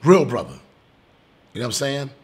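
A man with a husky, slightly rough voice tells a story from his own life in a sit-down interview. He talks casually and with feeling, curses freely, and swings between low, quiet moments and loud bursts. His pitch sits in the usual middle range for a man. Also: normal speed. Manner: animated storyteller, swearing, loud bursts when excited. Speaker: comedian.

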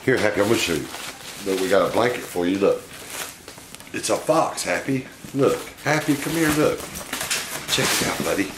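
A man's voice: lowish voice, animated, moderate pace, pauses often, background noise. A man hosting a casual unboxing vlog, chatty and fond, often talking to his pets. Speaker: pet monkey owner and channel host.

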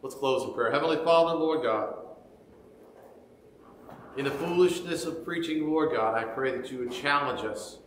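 A man's voice: medium pitch, moderate pace, long pauses, reverberant, long reverb tail, slight background noise, rough recording. A man preaching a sermon as pastor, earnestly retelling scripture and urging his listeners.

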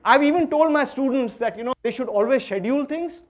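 A middle-aged man with an Indian English accent giving a lively, playful workshop lecture that swings between loud emphasis and quiet asides. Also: extremely high pitch, a little fast.

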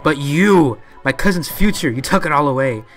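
Man reading as an enraged dummy-dwelling ghost, ranting insults, video game villain, higher-pitched voice. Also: animated, normal speed, soft background music, natural voice. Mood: angry. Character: furious ghost living in a training dummy.

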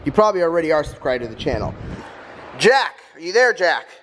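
A man's voice: on the high side, very animated, a little fast, fairly bright tone, a little hiss or hum. A man chatting casually to viewers in a vlog, teasing and laughing often. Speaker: vlogger.

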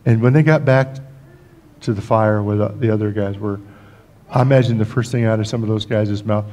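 Folksy and prone to joking asides and restarts, an older pastor preaches a storytelling sermon in a church sanctuary. He talks fairly quickly in a low, mellow voice with fairly even intonation, and the audio is dull with slight background noise.

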